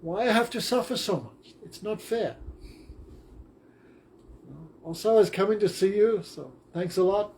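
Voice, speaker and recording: A man's voice: sits high, unhurried, long pauses, a little mellow, a little hiss or hum, pitched above the performer's own voice. A man voicing a devout male pilgrim who protests his innocence earnestly and indignantly. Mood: aggrieved.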